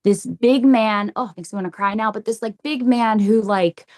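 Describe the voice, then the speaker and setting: A woman, a psychic medium, telling stories in a podcast interview, animated and repeating phrases as she acts out what people said. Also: medium pitch, moderate pace.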